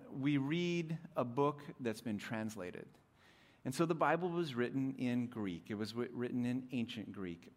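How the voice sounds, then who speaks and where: A young adult man preaching a sermon as pastor, animated, dropping to soft intimate tones at times. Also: mid-range voice.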